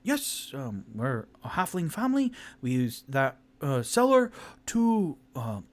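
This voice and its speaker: A man voicing a nervous, chatty halfling homeowner in a high, fluttery voice during a solo tabletop role-play. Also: big pitch swings, slow. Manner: anxious, then hospitable chatter.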